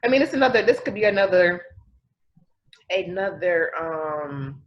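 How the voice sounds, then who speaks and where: A woman co-hosting a podcast in casual chat, talking in an animated way and often trailing off and restarting. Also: on the low side, unhurried, dull audio. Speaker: podcast co-host.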